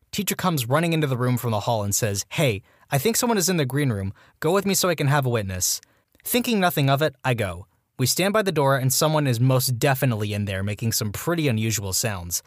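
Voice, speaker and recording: A man's voice: mid-range voice, no room sound, studio quality. A man reading out a string of short anonymous school stories as scripted narration, matter-of-fact with wry asides.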